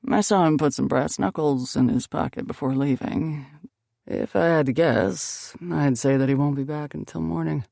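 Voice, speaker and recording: Woman narrator putting on a teasing male best friend: a bit lower, slow and playful, with a gravelly edge, audiobook. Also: a little mellow, dry recording, studio quality.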